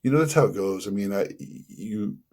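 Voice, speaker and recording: Animated man telling stories on a podcast. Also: fairly low pitch, brisk. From Los Angeles area. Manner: animated, acts out quoted dialogue, many fillers. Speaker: podcast guest. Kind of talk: casual storytelling.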